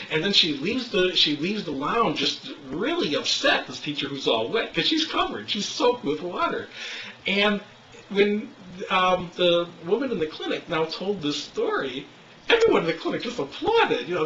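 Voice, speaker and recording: A man leading a smoking cessation clinic, telling a story in an animated way and acting out the quotes. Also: fairly high pitch. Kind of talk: storytelling lecture. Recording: roomy, distant, slightly dull recording.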